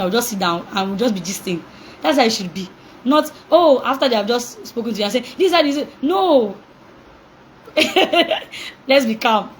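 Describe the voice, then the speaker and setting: Lively woman coaching parents. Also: fairly high pitch, a little hiss or hum, low-quality recording. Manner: animated, acts out reactions, laughs often, asks call-and-response questions. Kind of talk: motivational talk to parents.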